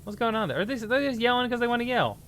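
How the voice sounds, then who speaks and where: A man streaming and chatting casually with viewers, animated and loose, with casual swearing and slang. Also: very high voice, rapid-fire, slight background noise. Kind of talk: casual livestream chat.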